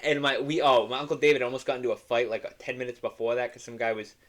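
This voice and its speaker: A man's voice: medium pitch, little pitch movement, quick pace. Young man, podcast co-host, casual storytelling, crude and laughing. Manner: loose storytelling, swearing, laughing often. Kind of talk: casual chat.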